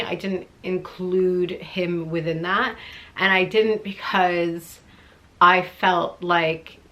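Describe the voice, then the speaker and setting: A young woman with a slightly low voice tells a personal story straight to the camera. She talks in a chatty, animated way, laughing often and acting out both sides of a conversation. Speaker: vlogger answering viewer questions.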